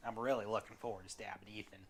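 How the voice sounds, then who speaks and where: A sardonic spirit who delights in violence, speaking gleefully, voiced by a man at a tabletop game. His voice sits low and dry in tone. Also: steady tone, racing, creaky, a crowd in the background. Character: gleeful murderous spirit, male.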